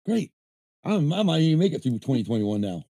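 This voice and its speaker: A middle-aged man hosting a relaxed livestream podcast from home, ribbing his co-host with a steady stream of jokes and swearing. His voice is husky and warm, with lively pitch swings. The sound is dry and close. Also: brisk, no room sound. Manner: joking, swearing, rambling. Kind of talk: casual livestream chat. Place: home at night with fireworks outside.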